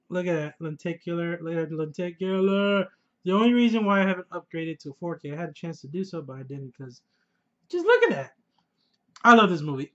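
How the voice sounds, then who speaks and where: Excitable young man with a high voice. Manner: enthusiastic, profane, laughs often. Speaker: vlogger. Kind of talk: casual collection showcase chat. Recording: dull lo-fi recording.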